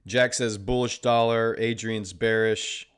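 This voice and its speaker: A man's voice: on the low side, fairly even intonation, measured pace, clear, resonant tone. A man hosting a trading livestream, chatting casually and sarcastically with viewers and reading out their comments. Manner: joking, sarcastic, reads chat aloud. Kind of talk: casual live-stream chat with viewers.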